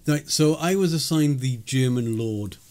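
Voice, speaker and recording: A man's voice: medium pitch, unhurried, a little mellow. Rambling, chuckling man. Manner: rambling, chuckling, with many fillers and restarts. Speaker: podcast co-host. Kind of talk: casual chat recapping a live-action role-play event.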